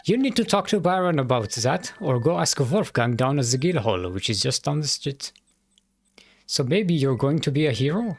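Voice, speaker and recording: A man's voice: fairly high pitch, very animated, normal speed. A man voicing a weary, philosophical male town sheriff, reading game dialogue aloud in a mock German accent with a friendly, musing manner. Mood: informative.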